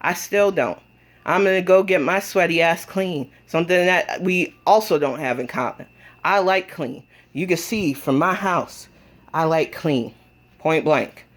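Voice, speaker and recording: A woman with a fairly low voice and a moderate pace records a phone-camera vlog at home from her exercise bike. She bluntly scolds a rival, cursing plenty as she calls them out.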